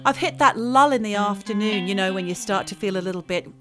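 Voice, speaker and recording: A woman's voice: mid-range voice, fast, music in the background. A middle-aged Australian woman co-hosting a podcast in casual, chatty, jokey talk with some swearing. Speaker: podcast co-host. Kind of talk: casual chat.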